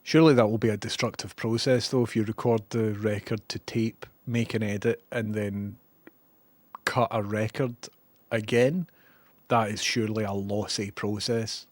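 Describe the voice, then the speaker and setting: In a lowish, steady voice at a moderate pace, a man hosts a show reacting to old archive TV clips. His commentary is casual, chatty, and sarcastic, with occasional swearing.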